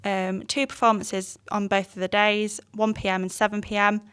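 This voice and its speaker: A woman's voice: mid-range voice, flat delivery, normal speed, fairly bright tone, clean tone, no echo. An English woman guest on a podcast, upbeat and chatty, promoting a college show and laughing easily. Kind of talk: casual chat.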